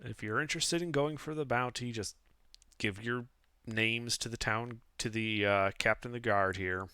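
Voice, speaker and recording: A man's voice: medium pitch, normal speed, sharp tone, smooth, dry recording, clean studio sound, natural voice. A man voicing a bored human tax collector who answers curtly and dismissively.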